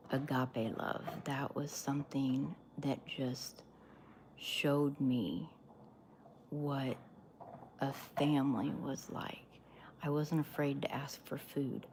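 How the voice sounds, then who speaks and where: Slow, gravelly-voiced woman telling her story. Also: low-pitched, a little mellow, slight background noise. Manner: earnest, emphatic, with many pauses. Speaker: livestream host. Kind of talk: personal storytelling on a livestream.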